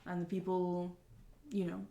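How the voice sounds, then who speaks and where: A woman's voice: on the low side, completely flat delivery, a little slow, warm tone, reverberant. A woman doing a chatty cheerful male mayor. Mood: upbeat. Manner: chatty, upbeat, rambling with fillers.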